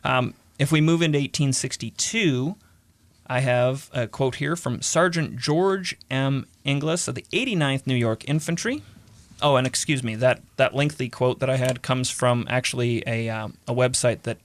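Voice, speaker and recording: A man in an easygoing history podcast chat, his voice mid-pitched and recorded close in a dry, deadened room. He moves between casual talk and reading period quotes, with the occasional chuckle. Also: normal speed, no echo. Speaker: podcast co-host.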